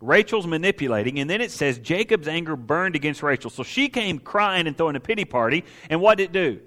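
A man preaching a sermon in a conversational, emphatic way, with rhetorical questions, dry humor and slow stresses on key points. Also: fairly high pitch, expressive, a bit bright, long reverb tail.

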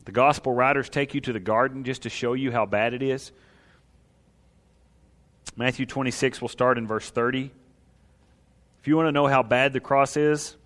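A man preaching a sermon as a pastor, reading scripture and building to impassioned, loud emphasis. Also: medium pitch. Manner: preaching, rises to impassioned shouting at climaxes. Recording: long hall reverb.

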